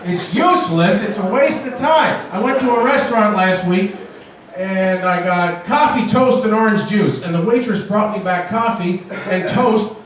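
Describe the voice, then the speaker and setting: A high-voiced man rants through a stand-up set, worked up and swearing freely. He sounds far from the mic in a very echoey room, with steady noise behind him. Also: normal speed. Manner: worked-up, ranting, profane. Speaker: stand-up comedian. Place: comedy venue with audience. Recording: roomy, distant, noisy venue recording.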